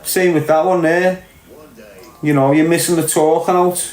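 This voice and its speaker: A man's voice: fairly high pitch, flat delivery, normal speed, a little mellow. A man with a Liverpool accent ranting on a podcast, blunt and sweary, repeating his points for emphasis. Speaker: podcast commentator. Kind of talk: opinionated podcast rant. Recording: echoey room.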